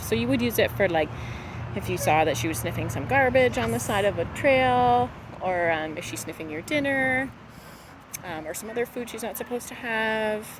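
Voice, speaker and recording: A woman dog trainer explaining a training exercise in a relaxed, chatty way, full of fillers. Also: lowish voice. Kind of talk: casual instructional talk. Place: outdoors near traffic. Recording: noisy outdoor recording with traffic.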